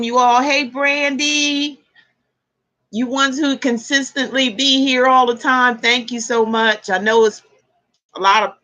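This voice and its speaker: A woman's voice: a little high, pushed and bright, muffled recording. A woman hosting a casual livestream from a room at home, chatting, laughing often and greeting her viewers by name. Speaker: tarot reader hosting a livestream. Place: indoor room with air conditioner and fans.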